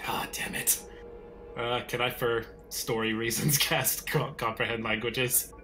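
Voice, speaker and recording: A man's voice: medium pitch, level tone, measured pace, sharp tone, faint music behind. A man playing a tabletop game, chatting casually with laughing asides. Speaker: player. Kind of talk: casual chat at a gaming table.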